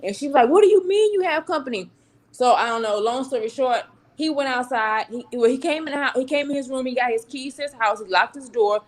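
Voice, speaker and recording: A woman with a slightly high voice tells a story about a bad date. She keeps it casual and animated. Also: brisk. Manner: animated storytelling with acted quotes. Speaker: panel guest.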